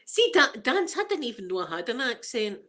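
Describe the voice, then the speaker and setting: A woman's voice: a little high, very animated, brisk, pushed and bright. Scottish lady, middle-aged, casual livestream chat, lots of laughing and hellos to viewers. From Scotland. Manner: chatty, laughing often, talking to viewers by name. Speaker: ASMR livestream host.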